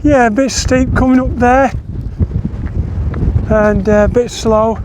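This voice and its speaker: A man's voice: extremely high pitch, steady tone, slow. A man, chatting casually as he walks a long-distance trail outdoors on a windy day. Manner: chatty, rambling, self-correcting. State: out of breath while climbing. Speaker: long-distance walker vlogging. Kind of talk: casual walking vlog. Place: outdoors on windy hills and moors.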